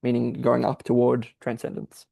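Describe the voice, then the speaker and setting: A man's voice: mid-range voice, completely flat delivery, moderate pace, creaky, warm tone, breathy edge, no room sound. A man thinking aloud as he explains a difficult text, in a searching, explanatory manner. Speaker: podcast host explaining a text. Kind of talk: exegetical commentary.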